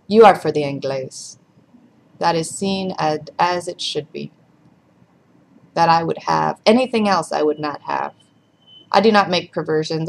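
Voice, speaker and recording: Blunt, jealous older peasant woman, low gravelly voice, read by a woman. Storybook reading. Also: a little hiss or hum, low-quality recording.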